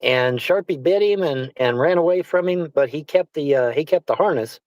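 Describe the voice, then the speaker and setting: A man's voice: a little high, moderate pace, a little mellow, dry recording, poor audio. Rambling, swearing man in a dry room. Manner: rambling, repeats himself, swears. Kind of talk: casual chat.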